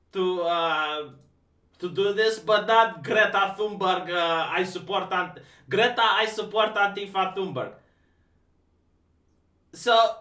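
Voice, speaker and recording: A man's voice: high voice, bright, forceful tone. A man hosting a live stream, talking casually in a sarcastic, mocking way with many stammered restarts. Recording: echoey room, distant mic.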